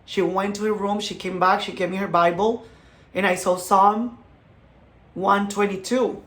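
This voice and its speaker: A man in his thirties whose first language is Spanish, giving an earnest personal faith testimony in short, halting phrases. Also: high-pitched, fairly even intonation, fairly bright tone. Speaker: creator of a healing channel.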